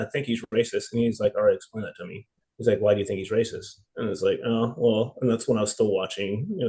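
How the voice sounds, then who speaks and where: A man's voice: on the low side, dark tone, rough recording. A man hosting a podcast in casual chat, telling stories in a laid-back way.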